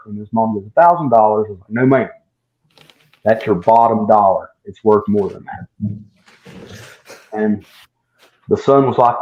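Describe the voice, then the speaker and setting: A man's voice: on the low side, normal speed, long pauses. A man telling a long story in casual chat, full of "I was like" asides, as a guest distiller. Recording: dull lo-fi sound.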